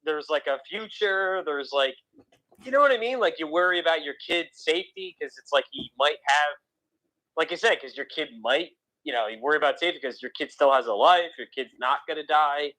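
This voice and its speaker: A man with a faint East Coast accent rambles gloomily in a casual radio podcast chat. His voice sits a little high, and he keeps restarting his sentences, leaning on fillers like "like" and "you know.". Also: brisk, bright, forceful tone, poor audio. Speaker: podcast co-host.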